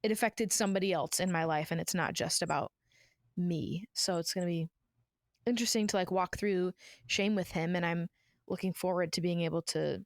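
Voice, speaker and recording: A lower-pitched woman co-host chats warmly through a family anecdote, the way a mother talks. She tells it easily and laughs along as she goes. The recording is close and dry. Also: brisk, dry recording. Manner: chatty storyteller, laughs while recounting. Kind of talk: casual conversational chat.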